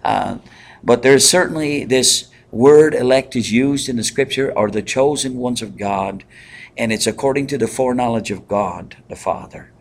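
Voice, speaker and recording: A man leading a Bible study in a conversational way, pausing with fillers and asking the group questions. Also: mid-range voice. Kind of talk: interactive Bible teaching.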